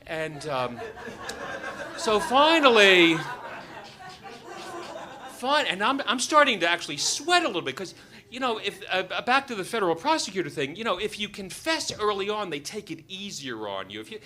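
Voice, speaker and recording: Animated wry male storyteller. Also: sits high, moderate pace. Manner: animated, wry and self-deprecating, acting out scenes. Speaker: doctor and storyteller. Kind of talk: live personal storytelling.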